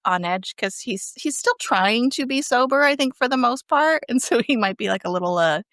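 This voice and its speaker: A woman's voice: fairly high pitch, moderate pace, dry recording, studio quality. A woman guest on a podcast, retelling episode scenes in a casual, chatty way. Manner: lively, chatty storytelling. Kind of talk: casual recap chat.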